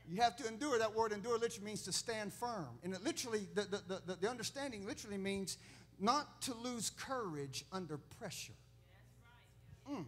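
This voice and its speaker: Male pastor, high pitch, storytelling sermon that climbs to shouted emphasis. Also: fast, long pauses. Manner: storytelling with laughs, rising to loud preaching.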